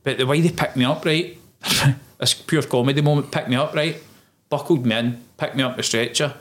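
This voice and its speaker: A man's voice: medium pitch, normal speed. A man, a former soldier telling his story in a casual interview and acting out the voices of those involved. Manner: animated storyteller, acts out quoted dialogue, swears.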